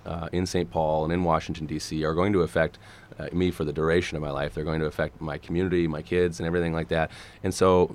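A man in his thirties from Minnesota, speaking as a guest candidate on a radio interview, his voice gravelly and a little hoarse, earnest with many restarts. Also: low-pitched. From Minnesota, USA. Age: 30s. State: gravelly, slightly hoarse today. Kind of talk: radio interview, policy talk.

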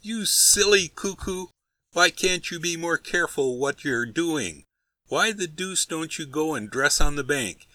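A hot-tempered young man yelling in indignation, his voice jumping high and loud. A male narrator puts him on, bright and sharp, in a dry close recording. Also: lively intonation, measured pace, no echo. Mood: indignant. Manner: outraged yelling, high-pitched. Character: irritable young man George, shouting indignantly.

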